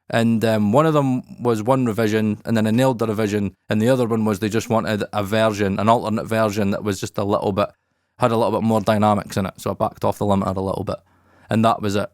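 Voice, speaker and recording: A man's voice: lowish voice, no echo. Candid, swearing man, dry sound. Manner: profane, candid, animated. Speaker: podcast host. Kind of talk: casual podcast talk. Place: his recording studio.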